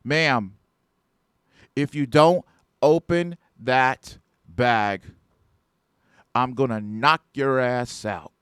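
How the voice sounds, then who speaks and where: A man's voice: mid-range voice, extremely slow, pauses often, fairly bright tone, smooth, no echo, clean studio sound, pitched above the performer's own voice. A man voicing a hotheaded male security guard who gives blunt, commanding orders.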